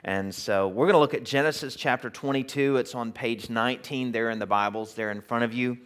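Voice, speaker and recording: A man preaching in a theater, telling a story in a chatty, animated way with many fillers before reading scripture aloud. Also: medium pitch, fairly quick, clear, resonant tone. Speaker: pastor. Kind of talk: sermon with storytelling.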